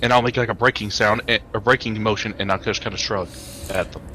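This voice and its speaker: A man's voice: lowish voice, steady tone, fast, bright, forceful tone, a little hiss or hum, low-quality recording. A man playing a tabletop game, casually describing what his character does. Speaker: player.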